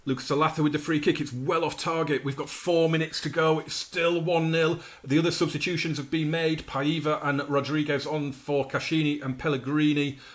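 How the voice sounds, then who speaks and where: A man casually narrating his own football management game, with chatty asides and sudden excited outbursts over the action. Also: a little high, fairly quick, few pauses. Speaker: gaming YouTuber. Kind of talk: commentating his own video game playthrough.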